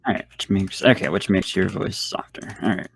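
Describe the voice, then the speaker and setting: A man's voice: low-pitched, fairly even intonation, brisk, gravelly, noisy background. A man going over lesson notes as a voice student, hesitant and searching for words.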